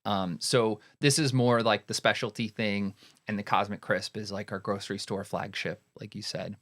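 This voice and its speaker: A man in a casual podcast interview, explaining his work as a head cider maker in a relaxed, rambling way with many fillers. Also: lowish voice, moderate pace.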